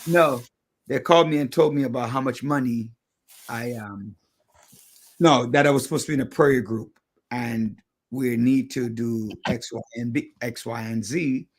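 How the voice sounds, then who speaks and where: A man's voice: medium pitch, moderate pace. A man hosting a radio talk show in a studio, chatting casually and airing his opinions as he thinks aloud.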